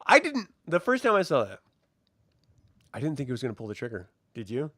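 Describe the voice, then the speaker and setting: A man co-hosting a casual film review chat, animated and acting out characters with sudden shouts. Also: medium pitch, brisk, a little hiss or hum.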